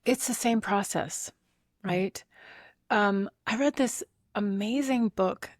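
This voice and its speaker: A woman's voice: medium pitch, slow pace, no echo. Woman doctor guest on a podcast, earnest, explains stuff with everyday analogies, dry sound. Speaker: pediatrician guest. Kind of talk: conversational interview.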